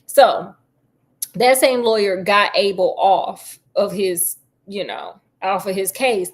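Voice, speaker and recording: A woman's voice: medium pitch, expressive, slow pace. Slangy, joking woman storyteller. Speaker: storyteller host. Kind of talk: casual retelling of a classic novel.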